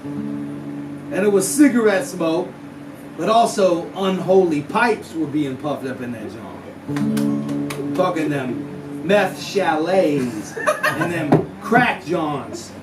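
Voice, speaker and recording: A man's voice: on the high side, sing-song, extremely slow, long pauses. A man telling a hyperbolic, slang-heavy comic story at a live house show, with a drawling delivery. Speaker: musician telling a story on stage. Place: small house-show venue. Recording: echoey room, far mic, live music. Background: guitar.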